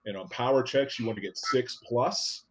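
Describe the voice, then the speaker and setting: A man running a tabletop role-playing game as game master, explaining rules and narrating scenes in a relaxed way with frequent fillers. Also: medium pitch, normal speed, slightly rough.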